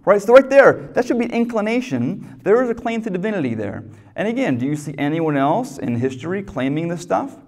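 A man's voice: high voice, sing-song, fairly quick, darkish tone. A man preaching a sermon as pastor, teaching in a conversational, emphatic way with rhetorical questions.

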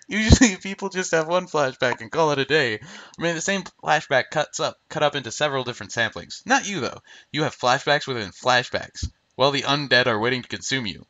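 Man, game playthrough host, reads dialogue in voices, playful, joking, lively pitch, dry close sound. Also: brisk, no echo, lo-fi sound. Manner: playful, joking, breaks into laughter. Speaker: let's play host.

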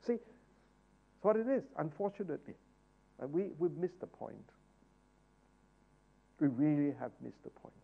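A man preaches at a Bible study, asking rhetorical questions. His voice sits high and moves a lot, from quiet asides up to fervent calls. The recording is muffled and lo-fi. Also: big pitch swings, normal speed, gravelly, pauses often, husky. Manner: swings from hushed asides to loud, fervent exhortation. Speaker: pastor leading Bible study. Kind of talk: sermon-style Bible teaching.

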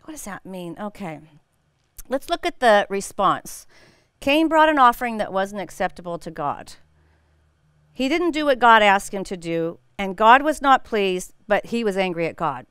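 Middle-aged woman, Bible study teacher, casual and laughing, smooth clear voice, dry close mic. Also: mid-range voice, moderate pace, no room sound. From United States. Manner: animated storytelling with frequent laughs.

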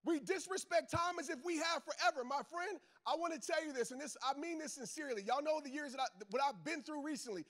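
Talking fast with hardly a pause, this man has a very high-pitched, fairly bright voice. He's a motivational speaker, football coach and father giving an emphatic, preachy talk to a live crowd, speaking straight to them in casual Southern slang and hammering home his main lines.

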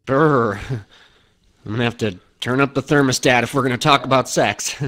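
An actor voicing an awkward husband hosting guests in a video game, jittery and covering tension with forced jokes. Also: male voice, mid-range voice, normal speed, fairly bright tone, lightly acted. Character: awkward joking husband and host.

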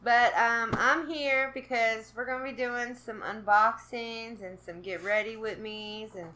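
A woman's voice: fairly high pitch, steady tone, unhurried, noisy background. A woman from Kentucky, chatting to camera in a casual unboxing vlog, nervous and giggly. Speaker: vlogger doing an unboxing.

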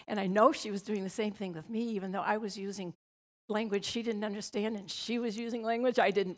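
An older woman speaking on a conference panel, telling a personal story in an earnest, reflective way with soft laughs. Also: medium pitch.

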